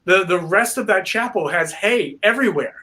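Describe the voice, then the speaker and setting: A man as a guest on a video-call interview, telling a story in a rambling, filler-heavy, animated way. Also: high-pitched, normal speed. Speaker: paranormal investigator guest.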